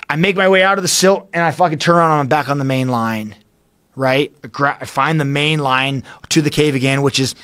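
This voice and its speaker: A man's voice: medium pitch, a bit bright, dry recording. Profane man telling a cave story. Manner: intense, profane, halting retelling. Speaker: podcast guest. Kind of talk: storytelling in casual chat.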